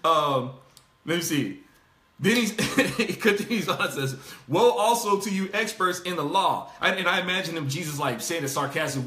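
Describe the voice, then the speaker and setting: A man hosting a casual Bible discussion, talking in an animated way, laughing and acting out the quotes he reads. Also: a little high, moderate pace, reverberant. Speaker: host.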